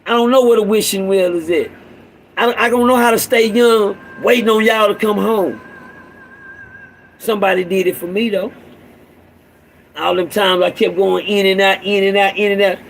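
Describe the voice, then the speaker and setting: A middle-aged man, a father speaking to other fathers, delivering an impassioned street-sermon monologue that repeats itself and swings between raised urging and a low growl. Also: fairly even intonation, moderate pace, gravelly, slight background noise, poor audio.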